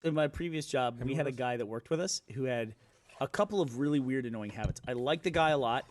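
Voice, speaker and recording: A man's voice: mid-range voice, quick pace. A man in casual conversation, telling an exasperated story with some swearing. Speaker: podcast regular. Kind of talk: casual chat.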